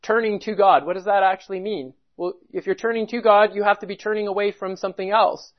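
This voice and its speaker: A man's voice: high-pitched, steady tone, fast, dull audio. A man preaching a sermon, earnest, quoting scripture in old-style English. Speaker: pastor.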